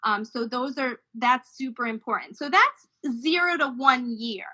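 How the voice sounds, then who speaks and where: A woman's voice: high voice, animated, a little slow, sharp tone, low-quality recording. A woman speech therapist explaining how children's language develops, now and then imitating baby sounds. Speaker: speech-language pathologist guest.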